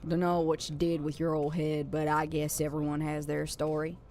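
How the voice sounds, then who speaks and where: A woman voicing a weary male worker with a put-on Southern country drawl, talking low and tired. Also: monotone, normal speed, a little mellow, lightly acted. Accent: American Southern, put on.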